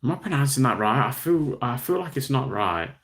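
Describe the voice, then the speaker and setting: Very animated and fairly quick, a young man from Western Australia runs a casual livestream, reading out viewer comments and replying with ease. His medium-pitched voice has vocal fry and a fairly bright tone.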